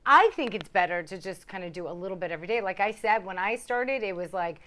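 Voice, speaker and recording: A woman's voice: medium pitch, expressive, fast talker, fairly bright tone. A woman co-hosting a talk show, steering the chat and leading into breaks. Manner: steering, chatty host talk.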